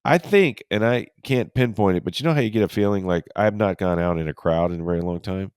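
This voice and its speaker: A man with a very low voice, thick and stuffy from a cold, trading wry, grumbling sports banter. The sound is dry and close, with no room around it. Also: quick pace, darkish tone, clean tone, no echo. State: congested from a cold. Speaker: podcast co-host. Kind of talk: casual sports chat.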